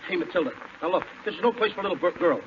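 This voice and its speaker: High, fast comic male lead, whiny and flustered, on muffled old radio. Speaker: comedian. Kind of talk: 1940s radio comedy acting. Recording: muffled 1940s radio broadcast with hiss.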